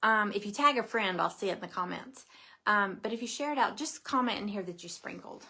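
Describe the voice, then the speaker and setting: A woman's voice: mid-range voice, expressive, fairly quick, pushed and bright, breathy edge. A middle-aged woman chats through a craft live stream. Her talk is bubbly and rambling, full of little asides and friendly greetings to viewers by name. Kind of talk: casual live-stream chat.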